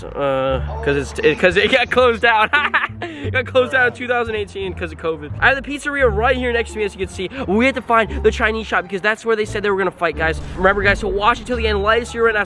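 A woman hosting a reaction video, loud and excitable, talking straight to viewers as "guys". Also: medium pitch. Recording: roomy echo, music underneath.

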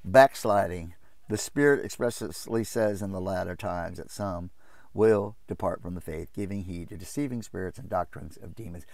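A man's voice: normal speed, a little mellow, no echo. Man, informal preacher, impassioned, mocking asides, dry sound. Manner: impassioned, jumps into mocking high voices to quote others. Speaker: Bible study preacher.

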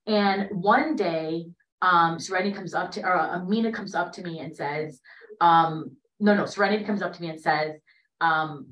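A woman in her late thirties shares a story on a panel in a relaxed, conversational way, often tagging her sentences with "right?". Her voice sits fairly low. She sounds set back from the microphone in an echoing room. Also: moderate pace. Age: late 30s. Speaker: panelist in a dialogue gathering. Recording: roomy, from a distance to the mic.

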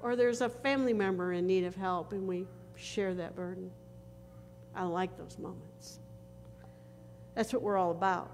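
A woman pastor preaching a sermon in a church, slow and earnest, with dramatic pauses. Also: fairly low pitch, fairly even intonation, a little mellow. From northern United States. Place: church sanctuary. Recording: reverberant church hall with faint noise.

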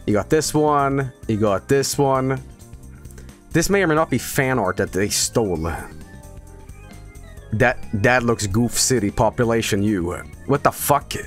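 A man's voice: medium pitch, a little slow, faint music behind. A man streaming live, joking casually with lots of swearing and laughter. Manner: profane, joking, often laughing.

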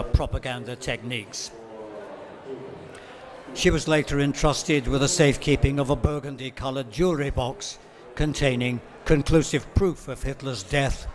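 A man speaking as a literary translator at a book-fair talk, reading excerpts in a measured way with occasional ums and self-corrections. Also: medium pitch.

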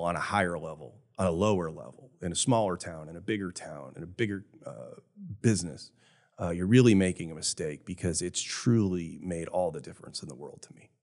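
Fifties man, low voice, sincere and thoughtful, casual podcast talk. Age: 50s. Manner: earnest, reflective, emotional at times. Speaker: jewelry store owner.

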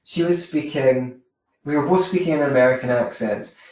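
A man teaches social skills in a loose, rambling way, full of anecdotes and self-corrections. His voice is mid-pitched and comes from a distance, in a strongly echoing room. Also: moderate pace, darkish tone. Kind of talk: informal teaching monologue. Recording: very echoey room, mic far off.

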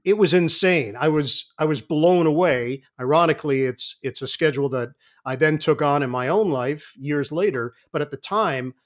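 A man in his fifties who tells his stories with lively, vivid detail. His voice sits somewhat above the usual male pitch, and he speaks as a guest in an interview. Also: normal speed. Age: 50s. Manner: vivid storyteller, animated. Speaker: guest sportscaster. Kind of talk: anecdotal interview talk.

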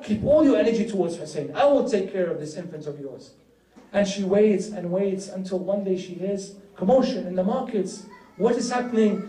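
A man's voice: moderate pace, warm tone. A man telling a tragic story in a sermon, rising into an emotional lament. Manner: storytelling that rises to an emotional, high-pitched lament. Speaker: Muharram speaker. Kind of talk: narrated religious sermon. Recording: roomy hall from far off.

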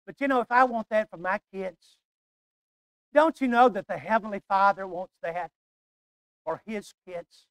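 Older man, preacher, sermon, emphatic, hushed-to-loud swings, smooth resonant voice, dry close sound. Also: sits high, measured pace, pauses often, no room sound.

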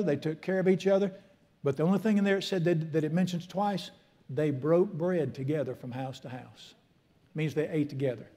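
A man's voice: a little high, mellow. A middle-aged man, preaching a folksy, emphatic sermon as a pastor in a church. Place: church sanctuary.

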